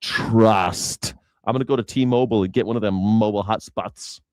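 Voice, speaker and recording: A man's voice: lowish voice, moderate pace, darkish tone, no echo, studio quality. Sarcastic man ranting on news. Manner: sarcastic, profane, rambling. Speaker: host. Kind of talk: news reaction commentary.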